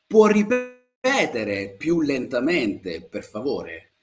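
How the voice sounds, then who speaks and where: A man from Italy with an Italian accent, teaching Italian in a live-streamed lesson, repeating phrases slowly and staying upbeat and positive. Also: medium pitch, lively intonation, fairly bright tone. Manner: slow, drawn-out model phrases repeated for learners.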